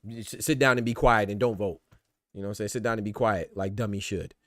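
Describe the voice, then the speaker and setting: Guy ranting fast on his podcast, lowish voice, dry close mic, lots of "you know what i'm saying". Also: dry recording. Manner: animated, swearing, rhetorical asides. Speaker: podcast host. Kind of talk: casual boxing and politics commentary.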